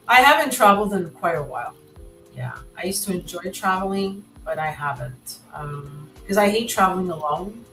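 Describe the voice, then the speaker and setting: A woman's voice: lowish voice, animated, normal speed, faint music behind, rough recording. Chatty Canadian woman hosting a stream. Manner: chatty, warm laughs, reads viewer comments aloud. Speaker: livestream host. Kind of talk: casual chat.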